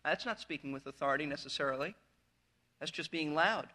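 Bright high-voiced male preacher. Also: a little fast. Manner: earnest, emphatic preaching with rising stress. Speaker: pastor. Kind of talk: verse-by-verse sermon.

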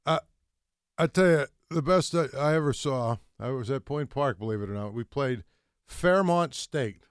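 A man in casual sports talk who tells stories in an animated, excitable way. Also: medium pitch, moderate pace, clear, resonant tone, dry recording, clean studio sound.

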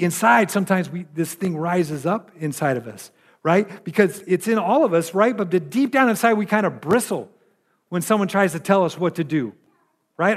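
A man delivers a sermon as a pastor, his voice sitting fairly high. He talks to the room like a conversation, checking in with "right?" and pushing up in pitch and force when he drives a point home. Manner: conversational preaching with frequent "right?" asides and rising emphasis.

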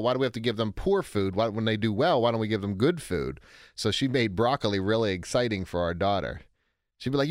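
In a clean studio recording with no room sound, a man who writes and speaks about anger responds to a listener's question. His teaching style is conversational and lively: he performs quotes in different voices with dramatic pitch leaps and frequently starts his sentences over.

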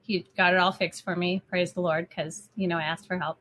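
A woman's voice: lowish voice, flat delivery, brisk, fairly bright tone. A middle-aged woman co-hosting a casual faith talk, telling an emotional story in a chatty way.

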